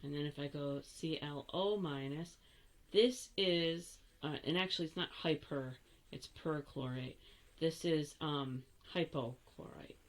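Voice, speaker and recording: Slow, chatty older woman teaching chemistry. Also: deep voice. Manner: chatty, self-correcting, playful asides. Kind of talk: recorded classroom lesson.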